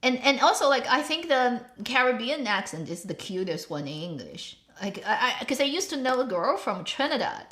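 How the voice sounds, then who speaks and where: A woman's voice: a little high, very animated, moderate pace, hardly any pauses, a bit bright. A woman hosting her own show, chatting casually in a rambling way and laughing often. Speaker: host. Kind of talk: casual chat. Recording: roomy echo.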